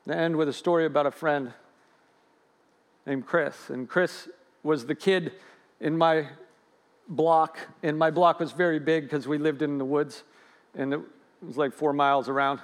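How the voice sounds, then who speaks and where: A man preaching a sermon in an earnest way, swinging from loud stresses to hushed lines. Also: fairly high pitch, steady tone, a little slow, long pauses. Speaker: pastor.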